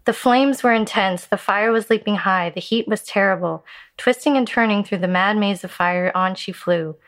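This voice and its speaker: A woman telling a Buddhist fable in a measured storytelling voice that slows for emphasis. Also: mid-range voice, fairly bright tone.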